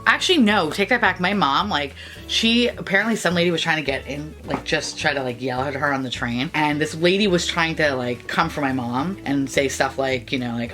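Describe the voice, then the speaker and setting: A woman's voice: sits low, fairly quick, fairly bright tone, faint music behind. A woman, chatting in a rambling, profane way while doing her makeup. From New York. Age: 30s. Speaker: beauty vlogger. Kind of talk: casual get-ready-with-me chat.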